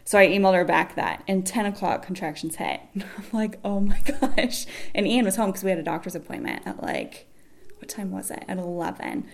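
Young adult woman, relaxed anecdote teller, animated with quoted voices, frequent laughter. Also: medium pitch, a little fast, gravelly. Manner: chatty, laughs often, acts out quoted people. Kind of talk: casual storytelling.

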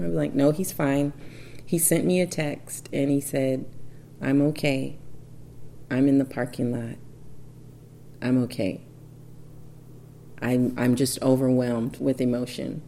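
A woman in her thirties casually telling a personal story, acting out the dialogue with animated bursts. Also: very deep voice, unhurried, a little hiss or hum.

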